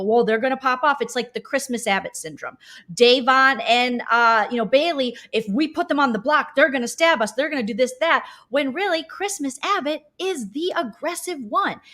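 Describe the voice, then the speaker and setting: A woman's voice: on the high side, fairly bright tone. A woman co-hosting a casual reality TV chat, talking in an emphatic, opinionated way. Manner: opinionated, emphatic, rapid-fire. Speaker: co-host.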